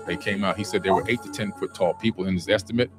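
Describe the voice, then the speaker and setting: A man's voice: low-pitched, fairly even intonation, quick pace. A man talking earnestly and insistently about conspiracy claims. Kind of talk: conspiracy talk. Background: music.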